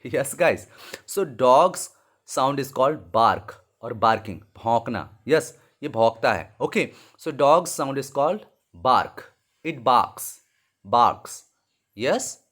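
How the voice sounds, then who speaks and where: Indian English man teaching small kids, slow and repetitive, lively swings in pitch, middle-pitched voice. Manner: slow, repetitive explaining, mixing in Hindi; apologises and corrects himself mid-lesson. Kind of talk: online classroom lesson for young children.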